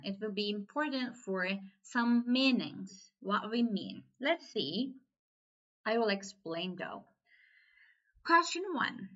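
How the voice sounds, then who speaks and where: A woman whose first language is Turkish, slowly explaining grammar in an online lesson and repeating her examples. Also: fairly high pitch, a bit bright, highs cut off. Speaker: Turkish teacher.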